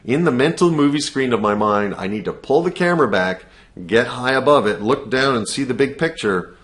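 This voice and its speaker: A man's voice: medium pitch, animated, normal speed, a bit bright. A middle-aged man, a personal mastery coach, talking earnestly in a casual motivational monologue and repeating coaching questions.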